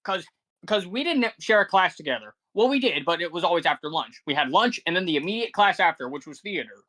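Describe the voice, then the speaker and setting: A man's voice: high-pitched, animated, fast talker, pushed and bright. Profane rambling young man telling stories. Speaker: podcast co-host. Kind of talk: casual chat.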